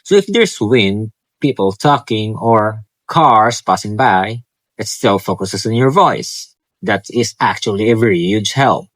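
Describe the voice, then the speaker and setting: A man's voice: fairly low pitch, lively intonation, unhurried, a bit bright, no echo. A male student vlogger casually and eagerly talking through his home tech, with small slips and restarts. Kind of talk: casual tech vlog talk. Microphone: clip-on wireless mic.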